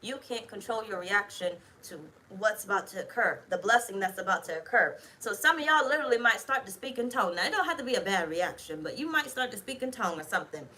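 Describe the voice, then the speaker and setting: Blunt, bright-voiced woman tarot reader. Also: medium pitch, animated, fast, hardly any pauses, rough recording. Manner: blunt, profane, emphatic, chatty. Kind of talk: casual tarot reading to camera.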